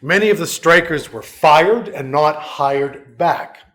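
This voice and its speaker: Middle-aged male professor, lecturing casually with dry jokes; voice sits a bit high. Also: slow pace, a bit bright. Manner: conversational, wry and self-mocking asides. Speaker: history professor, guest lecturer. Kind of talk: lecture to a union school.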